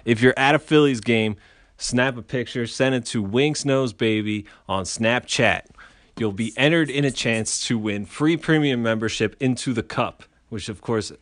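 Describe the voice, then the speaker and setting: Man, podcast co-host, casual banter, rambling absurd riffs, mid-pitched voice. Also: normal speed, fairly bright tone.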